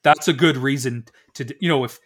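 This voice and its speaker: A man's voice: mid-range voice, a little fast. A man in his thirties co-hosting a podcast, telling a long story with many restarts and acted-out dialogue. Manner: rambling anecdotal storytelling with many restarts and animated quoted dialogue. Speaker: podcast co-host. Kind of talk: casual podcast chat.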